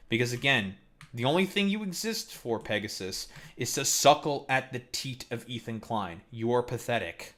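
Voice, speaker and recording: A man's voice: medium pitch, animated, normal speed, a bit bright. A man hosting a live stream, ranting heatedly and mockingly as he reacts to a clip, swearing constantly. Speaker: streamer host.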